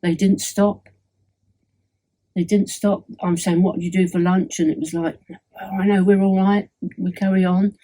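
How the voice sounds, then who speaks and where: Mellow, husky-voiced chatty woman. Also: lowish voice, little pitch movement, moderate pace, low-quality recording. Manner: chatty, enthusiastic, restarts often. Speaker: homeowner giving a testimonial. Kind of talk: casual chat. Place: at home indoors.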